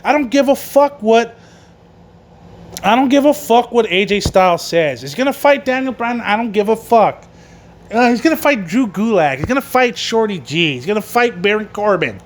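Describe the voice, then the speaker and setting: A man with a high-sitting voice and lively intonation talks at a normal speed, with a slight hiss or hum in the background. He hosts a wrestling podcast, recapping a show in an angry rant packed with swearing.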